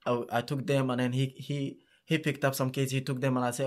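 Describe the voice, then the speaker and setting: Guy telling camp stories in an interview, middle pitch, lots of restarts, animated. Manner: animated, halting, many restarts. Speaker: youth soccer camp organizer, guest. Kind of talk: casual storytelling in an interview.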